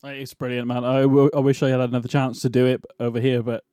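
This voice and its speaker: A man's voice: mid-range voice, flat delivery, fast, mellow, dry recording, clean studio sound. A man co-hosting a casual wrestling podcast, rambling and restarting as he talks. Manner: rambling, restarts and laughs a lot. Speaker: podcast co-host. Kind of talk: casual chat.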